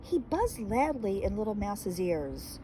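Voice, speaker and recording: Storyteller woman reading to kids, slow and mellow, lively melody. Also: medium pitch, slight background noise, rough recording. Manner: slow, expressive and gentle. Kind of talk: reading a children's picture book aloud.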